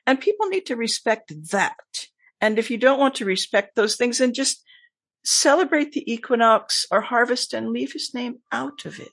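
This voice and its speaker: A podcast guest and teacher with a mostly American accent that has a Scottish tinge, talking in a casual, emphatic way with lively asides. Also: medium pitch, normal speed, gravelly, dry recording. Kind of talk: casual conversation.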